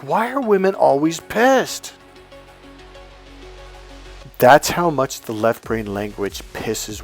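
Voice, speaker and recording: A man in his fifties giving dating advice straight to camera, bluntly and casually swearing, acting out bits of dialogue as he goes. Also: medium pitch. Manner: animated, acts out quoted dialogue. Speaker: dating coach. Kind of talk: direct-to-camera coaching monologue.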